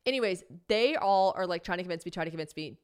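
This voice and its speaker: A woman hosting a podcast, telling a comic story in a casual, animated way, swearing freely, mocking herself and acting out what people said. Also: fairly low pitch, quick pace, clean tone. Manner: animated, swearing, self-mocking, acts out quotes. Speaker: podcast host.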